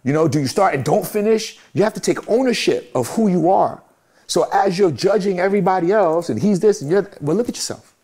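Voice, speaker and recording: A man's voice: high-pitched, expressive, fairly quick, a little mellow. A middle-aged man, giving a candid interview in an emphatic, repetitive, motivational way. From Brooklyn, New York. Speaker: guest, music manager.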